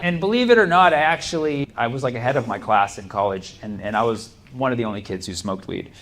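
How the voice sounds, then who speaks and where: A man's voice: mid-range voice, fast talker, fairly bright tone. A man performing a stand-up comedy set, telling stories animatedly and laughing often. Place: comedy club stage.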